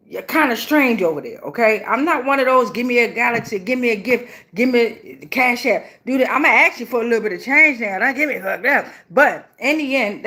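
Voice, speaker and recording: A woman's voice: a little high, bright, forceful tone. A woman doing a casual live tarot reading, blunt and chatty with a lot of profanity and slang. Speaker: tarot reader.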